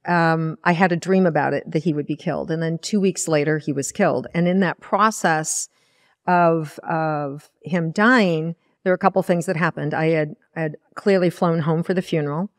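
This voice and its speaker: A woman's voice: low-pitched, moderate pace, no room sound, studio quality. A woman, a spiritual teacher, earnestly telling a personal story in a podcast interview and acting out her own past words. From Iowa. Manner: earnest, animated retelling with quoted inner dialogue.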